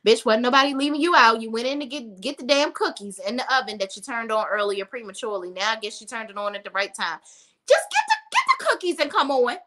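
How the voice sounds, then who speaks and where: A woman's voice: a little high, fast, hardly any pauses, sharp tone. A woman reviewing reality TV in a casual rant, blunt and profane, talking straight to her viewers.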